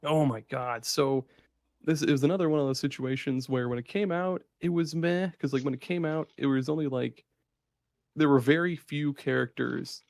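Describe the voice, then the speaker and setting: A man co-hosting a podcast in casual chat, excited and swearing freely as he rambles. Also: a little high, normal speed, gravelly, dry recording, clean studio sound. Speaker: podcast co-host.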